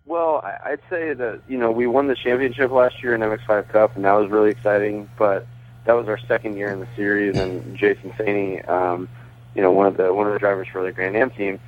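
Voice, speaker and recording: A somewhat low-voiced man comes through a thin, phone-like line as a radio guest. He talks casually and keeps correcting himself mid-sentence, with a good-humored laugh never far away. He tells long stories with easy enthusiasm. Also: steady tone, brisk. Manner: chatty, self-correcting, laughs while talking. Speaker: guest, pitcher and race team owner. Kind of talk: phone interview, casual storytelling.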